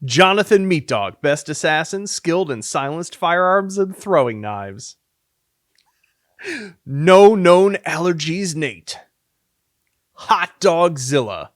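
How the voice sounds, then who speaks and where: A man's voice: fairly high pitch, lively intonation, slow, long pauses, dry recording, studio quality. A man reading a long list of silly names for his game devlog, playfully and with theatrical flair. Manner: reads names with theatrical swings, sometimes mock-dramatic.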